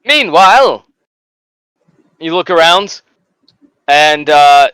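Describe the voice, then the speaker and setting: Brief: male game master, slightly high, smooth voice, dry close sound, chatty narration. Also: slow pace, dry recording, rough recording. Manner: lively storytelling with frequent fillers and laughs.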